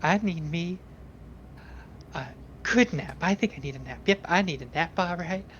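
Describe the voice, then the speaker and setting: A woman's voice: fairly low pitch, moderate pace, muffled recording, slight background noise, natural voice. A woman playing a flustered, stammering young woman. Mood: weary. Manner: nervous, stammering, sulky. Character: flustered, sheepish young woman caught snooping.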